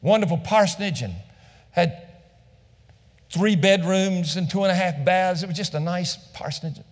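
A man's voice: sits high, normal speed. A male pastor telling a story in a sermon, acting out the dialogue and repeating phrases for effect. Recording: long reverb of a large hall.

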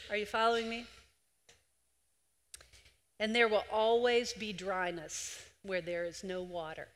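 A woman preaching a sermon to a congregation, animated and emphatic, sometimes laughing at her own stories. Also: mid-range voice. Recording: long hall reverb.

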